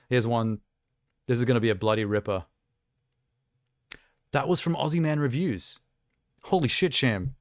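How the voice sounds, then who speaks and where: A man's voice: mid-range voice, no echo, studio quality. A young man live streaming, chatting casually and rambling with self-amused asides while reacting to trailers.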